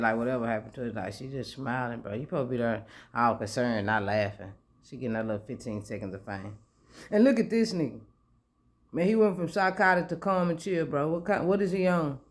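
A man talks over a clip in casual reaction commentary, slangy and incredulous. His voice sits a little high for a man. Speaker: reaction video host.

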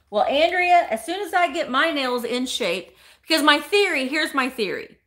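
Woman, casual live-stream chat, gushy and exclamatory, lively swooping pitch, bright voice. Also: moderate pace, few pauses. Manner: chatty, gushing, exclamatory, reads viewer comments aloud. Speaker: reseller hosting a live stream.

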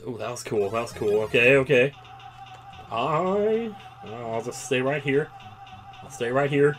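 An excitable man commentating on his own gameplay, his voice sitting in a middle pitch. He mutters to himself, then bursts out loudly when things go wrong. Faint game music plays behind him. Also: unhurried, long pauses. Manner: excitable, swings to loud outbursts. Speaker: let's play gamer.

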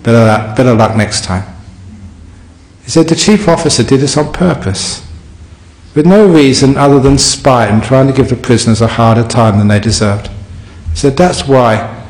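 A male Buddhist teacher, voice sitting at a middle pitch, tells a story with a light, humorous touch while answering a question. His words ring out through an echoey hall. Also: normal speed, a little mellow. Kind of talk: dharma talk answering a question.

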